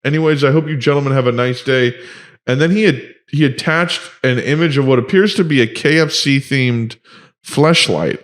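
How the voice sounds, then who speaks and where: He's a podcast co-host whose voice sits at medium pitch, moving at a moderate pace. The show is casual, and he tells stories in a profane, lively way, acting out quoted lines along the way.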